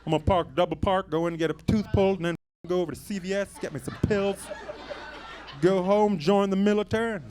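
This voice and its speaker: An audience member fires quick jokes back at the stage, his voice very high for a man. The crowd murmurs around him in a live club recording with clear noise. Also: fairly even intonation, a little mellow. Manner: joking, quick quips. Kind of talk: shouted banter from the crowd.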